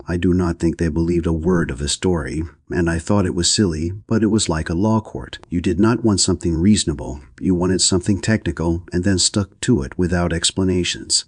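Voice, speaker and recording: A man narrates an audiobook in a measured, understated style. His voice is low and husky. The sound is close and dry, with no room around it. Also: dry recording.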